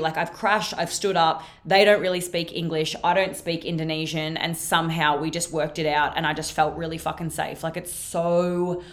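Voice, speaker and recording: A young Australian woman hosting a podcast, telling a story in a chatty, sweary way full of "like". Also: deep voice. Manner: chatty, sweary, filler-heavy with frequent "like". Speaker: podcast host. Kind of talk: casual storytelling monologue.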